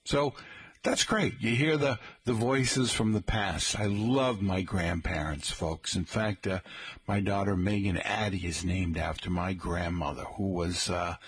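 Middle-aged guy chatting on the radio, husky voice, folksy and rambly, keeps saying folks. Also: deep voice, fairly even intonation, unhurried. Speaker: radio host. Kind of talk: casual radio talk.

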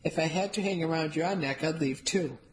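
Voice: medium pitch, brisk, slight background noise, close to an everyday voice, low-quality recording. A reader voicing a middle-aged father making a dry joke. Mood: wry. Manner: wry, joking.

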